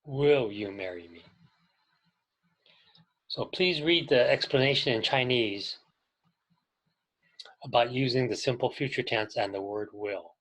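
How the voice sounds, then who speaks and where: Slow, patient male English teacher. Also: medium pitch, a bit bright, poor audio. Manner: patient, deliberate, pauses for learners to repeat. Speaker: ESL teacher. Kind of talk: slow, clear classroom instruction with repeat-after-me drills.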